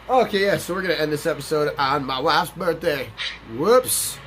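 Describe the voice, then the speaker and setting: A man's voice: a little high, moderate pace, fairly bright tone, slight background noise. A young man hosting a let's play, rambling through casual, profane gameplay commentary and stories.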